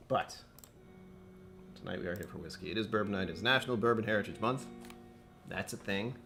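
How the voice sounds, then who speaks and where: A man's voice: lowish voice, brisk, creaky, long pauses, a bit bright. A man hosting a casual livestream, chatting with viewers and muttering to himself while he fixes his settings. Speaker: livestream host. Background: faint background music.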